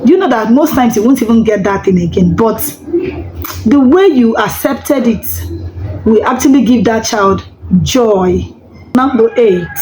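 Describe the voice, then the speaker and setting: A woman with a somewhat high voice gives parenting advice straight to the camera. She talks in a chatty, encouraging way and often repeats words to drive a point home. A faint hiss sits behind her voice. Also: warm tone, low-quality recording. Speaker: parenting vlogger. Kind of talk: advice vlog, talking to camera.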